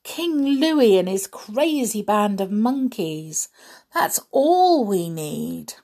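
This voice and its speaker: A woman voicing an eager young boy, with gasps and urgent whispers, slow and breathy. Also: mid-range voice, big pitch swings, a little mellow, voice pushed up, full character voice.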